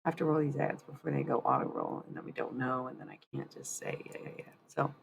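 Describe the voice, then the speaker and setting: A woman's voice: very deep voice, steady tone, fast talker, gravelly, slightly rough. A woman chatting casually on a live stream, rambling and candid, swearing freely. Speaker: livestreamer.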